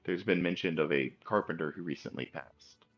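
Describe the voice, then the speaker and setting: A man's voice: low-pitched, fairly quick, dull audio, soft background music. A man narrating as game master in a loose, rambling way, while losing his voice. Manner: loose, rambling with many fillers.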